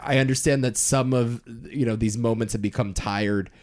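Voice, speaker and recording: A man's voice: mid-range voice, steady tone, moderate pace, a little mellow. A young man co-hosting a casual movie podcast, arguing his points emphatically and swearing freely. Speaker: podcast co-host. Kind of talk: casual movie-ranking chat.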